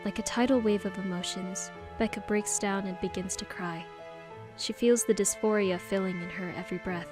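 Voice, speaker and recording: Lady reading a story aloud, steady and expressive, soft music behind. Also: medium pitch, moderate pace. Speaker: audiobook narrator. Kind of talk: scripted story narration.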